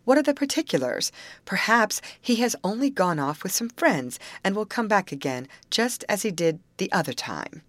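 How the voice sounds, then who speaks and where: A brisk, sensible girl who leads her friends, as a woman reader puts her on, firm and bracing in every word. She sounds a little higher than the reader's own low voice. The sound is dry and close. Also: animated, no echo. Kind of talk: audiobook character voice.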